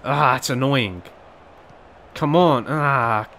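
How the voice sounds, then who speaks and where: A young man giving live, excitable commentary on his own video game match, with quick outbursts of frustration. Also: mid-range voice, a little hiss or hum. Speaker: gaming channel host.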